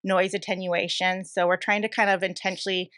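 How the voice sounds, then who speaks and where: A bright, forward woman's voice with a smooth, crisp clarity, talking in an upbeat, chatty way as a guest on a podcast. She fills her sentences with easy fillers. The sound is dry and close. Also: mid-range voice, flat delivery, brisk, no echo. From Oregon. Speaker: bistro owner, podcast guest. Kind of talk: casual interview chat.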